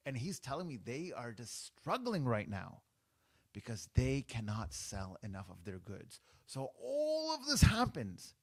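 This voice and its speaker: A man's voice: medium pitch, no room sound. Emphatic man in his forties, dry sound. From Canada. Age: 40s. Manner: emphatic, repeats points, addresses listeners directly. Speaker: podcast host. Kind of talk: opinionated monologue.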